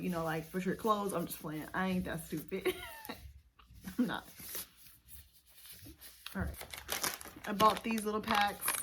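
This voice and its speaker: Woman, beauty vlogger, lively swooping voice, nervous chatter, noisy home recording with clicks. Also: medium pitch. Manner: animated, nervous chatter to herself and viewers. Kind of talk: casual self-talk vlog. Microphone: camera set up nearby.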